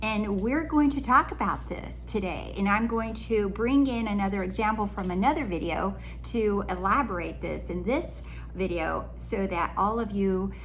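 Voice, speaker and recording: A woman's voice: mid-range voice, normal speed, slight background noise. A woman spiritual coach talking to camera in an earnest, encouraging, rambling way. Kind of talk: casual spiritual teaching monologue.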